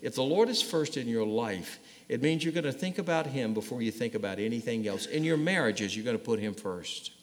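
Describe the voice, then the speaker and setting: A man's voice: medium pitch, expressive, fairly quick, few pauses. Emphatic preacher man in a reverberant hall. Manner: emphatic preaching, addresses the congregation directly. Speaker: pastor. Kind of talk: sermon. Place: church sanctuary. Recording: long reverb of a large hall.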